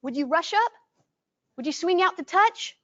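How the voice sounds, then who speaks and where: A woman presenting a live training workshop, animated and acting out greetings, often checking in with her audience. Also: extremely high pitch, moderate pace, lo-fi sound. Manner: animated, acts out greetings in a bright voice; asks the audience frequent check-in questions.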